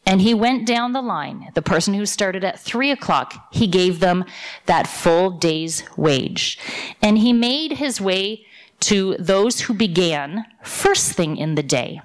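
Lively woman preaching a sermon. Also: medium pitch, takes it slowly. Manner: lively storyteller, voicing characters in quotes. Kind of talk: sermon storytelling.

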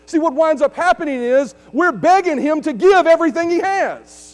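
He has a very high-pitched, animated voice, keeps a moderate pace and rarely pauses. As pastor, he preaches a sermon with rising emphasis and call-outs to the congregation, captured with a large hall's long reverb and mains hum.

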